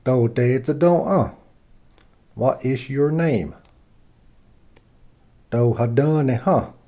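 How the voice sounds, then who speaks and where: A man teaching a language lesson, reading short dialogue phrases and their translations in a slow, deliberate way with pauses. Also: medium pitch, mellow. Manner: slow, deliberate, pausing after each phrase.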